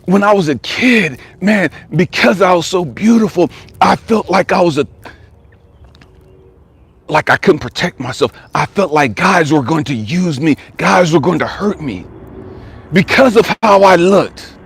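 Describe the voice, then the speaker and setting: A man's voice: high-pitched, animated, unhurried, husky, pitched above the performer's own voice, exaggerated voice. A man retelling the words of a tearful young woman. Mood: pleading. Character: tearful young woman confiding past abuse.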